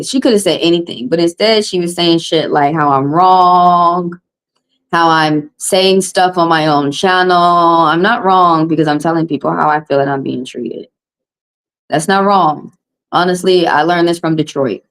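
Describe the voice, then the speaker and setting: Brief: Southern US woman, low-pitched, blunt and heated livestream host, phone mic. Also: a little slow, rough recording. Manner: blunt, heated, repeats points. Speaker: tarot reader hosting a livestream. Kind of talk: livestream venting to viewers.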